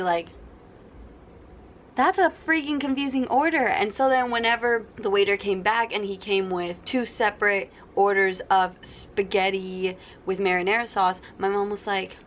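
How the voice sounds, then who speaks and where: Young woman vlogger, chatty storyteller; faint room noise under her voice. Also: medium pitch. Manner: chatty storytelling, acts out quoted people. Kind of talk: casual sit-down vlog.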